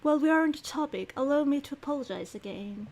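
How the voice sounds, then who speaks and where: A woman voicing a reserved, formal young male commandant who speaks in a measured, polite way. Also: high voice, expressive, darkish tone.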